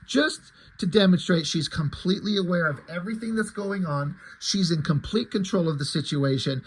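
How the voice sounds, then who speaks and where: A man's voice: on the high side, a bit bright, rough recording. A man casually retelling a comic book story, enthusiastic and chatty.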